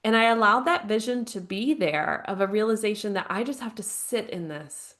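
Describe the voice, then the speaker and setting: A woman's voice: medium pitch, animated, normal speed, a bit bright. Earnest, reflective woman in her thirties. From United States. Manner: earnest and reflective, with frequent "like" and light laughs. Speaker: podcast guest, grief counselor and author. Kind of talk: podcast interview, personal storytelling. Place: home, living abroad.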